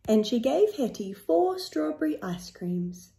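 A woman reads a children's picture book aloud, slow and rhythmic. Her slightly high voice rises and falls a lot. The recording has a roomy echo. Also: gravelly. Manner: slow, expressive, rhythmic reading. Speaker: storyteller. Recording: echoey room.

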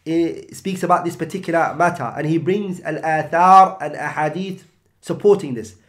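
A man's voice: a little high, steady tone, moderate pace. A man teaching an Islamic text, explaining in English with Arabic terms and rhetorical questions.

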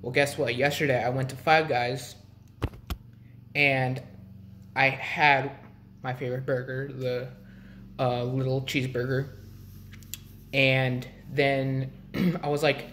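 A young man talking casually to his vlog viewers, rambling with restarts and frequent throat clearing. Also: mid-range voice, little pitch movement, takes it slowly, long pauses, a bit bright, slight background noise. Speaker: vlogger.

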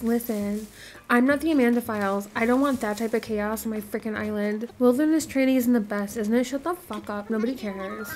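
During casual commentary on her gaming channel, a fairly high-pitched woman reacts with exaggerated, dramatic outbursts full of profanity.

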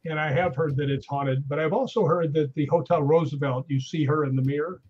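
A man with a fairly high, husky voice spins ghost-hunting anecdotes in a relaxed chat, slipping into the voices of the people in his stories. The sound is dull and lo-fi, as if over a call. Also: a little fast. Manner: animated anecdotes with acted-out quotes. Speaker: guest. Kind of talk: casual storytelling chat.

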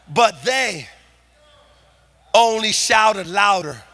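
A man preaching a sermon as pastor, shouting and building intensity in a church. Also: high voice, lively intonation, a little slow. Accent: Californian. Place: church sanctuary.

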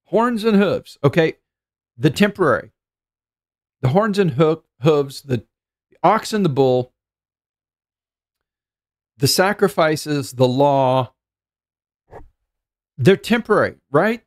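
A man's voice: a little high, lively intonation, slow pace, pauses often. A middle-aged man preaching a sermon as pastor, earnest and thinking aloud, often repeating words as he goes.

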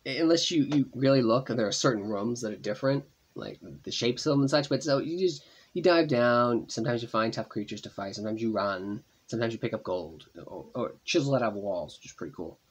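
Thinking out loud while he plays, this gaming channel host keeps up a chatty, rambling commentary over tablet gameplay. He speaks fairly quickly in a husky, medium-pitched voice.

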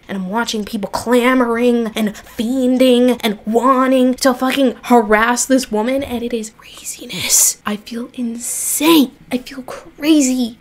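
A woman giving blunt, exasperated, swear-filled commentary on recorded call clips. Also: a little high. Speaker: commentary YouTuber.

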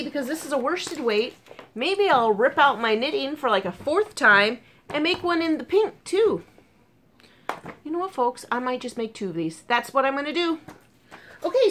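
A woman vlogger chatting casually about crochet projects, gushing and excitable with frequent ums, talking with a sore burnt tongue. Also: high voice, a little hiss or hum. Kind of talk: casual chat.

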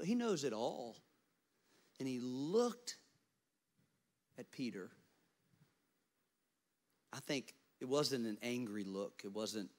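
A man preaching a sermon as pastor, animated in storytelling and dropping to soft, intimate tones. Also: mid-range voice.

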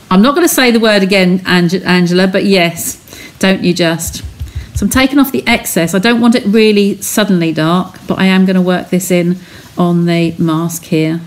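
A woman's voice: on the low side, a little slow. A woman chatting as she talks viewers through a craft technique step by step on a live stream from her home studio. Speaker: craft demonstrator.

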